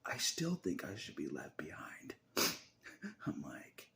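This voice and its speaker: A very low, gravelly male voice that swings widely in pitch and often drops to a whisper. He rambles in a casual personal monologue to his viewers and laughs between his thoughts. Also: huge pitch swings, takes it slowly, a bit bright.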